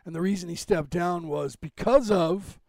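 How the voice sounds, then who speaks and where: A man hosting a casual livestream, rambling and interrupting himself while he fixes his screen share, clearing phlegm from his throat. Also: sits high, normal speed, darkish tone, dry recording, studio quality. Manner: rambling, self-interrupting while fixing tech. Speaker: livestream host.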